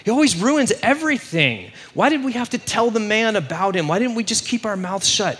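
A man's voice: high voice, very animated, a little fast, fairly bright tone, breathy edge, pitched above the performer's own voice, exaggerated voice. A man acting out frantic panicked brothers. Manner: frantic, exclaiming. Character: panicked grown brothers, shouting in dismay.

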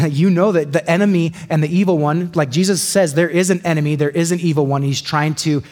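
A man on the high side of pitch gives a chatty, animated sermon in a casual, conversational style. He often mimics quick little voices to make a point.

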